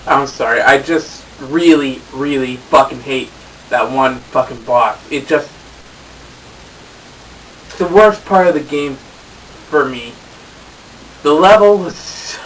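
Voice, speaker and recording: A man rants about a game from his own room, cursing freely and tripping over his words. His voice is a little higher than average and sits back from the microphone. A faint hiss runs under everything. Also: measured pace, long pauses. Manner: exasperated, swearing, stammering restarts. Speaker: game reviewer host. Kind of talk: on-camera venting to viewers. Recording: distant mic with hiss.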